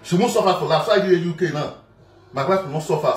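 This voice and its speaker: A man's voice: a little high, quick pace. A man with a Nigerian accent talking casually and emphatically, repeating himself and filling gaps with "you know". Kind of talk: casual direct-to-camera monologue. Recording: echoey room, mic at a distance, faint music.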